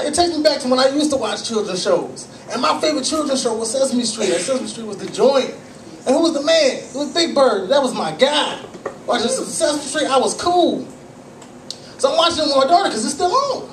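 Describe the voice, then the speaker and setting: A male stand-up comedian telling profane, animated stories at a small cafe comedy night. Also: extremely high pitch. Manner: profane, animated storytelling with acted-out voices. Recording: echoey room, distant mic, faint noise.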